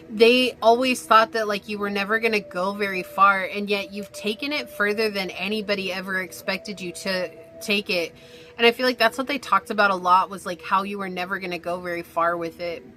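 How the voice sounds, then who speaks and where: A woman giving a casual pick-a-card tarot reading, rambling and animated with many fillers and restarts. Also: medium pitch. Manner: rambling, animated, lots of fillers and self-corrections. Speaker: tarot reader.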